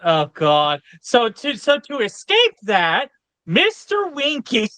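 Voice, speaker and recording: A bright, forward voice with a lively pitch, in a casual review chat. The speaker hesitates and restarts often. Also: slow pace, no echo. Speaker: podcast panelist.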